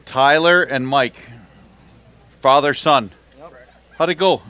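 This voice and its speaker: A man's voice: mid-range voice, slow pace, pushed and bright, smooth. A man emceeing a fishing tournament weigh-in, reading out weights and teasing the anglers in a joking, upbeat way. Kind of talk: live announcing and bantering with anglers.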